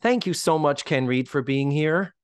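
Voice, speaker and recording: A man hosting a podcast in casual chat, animated and swearing freely as he acts out quotes. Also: on the high side, normal speed, clean tone, no room sound. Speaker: podcast host.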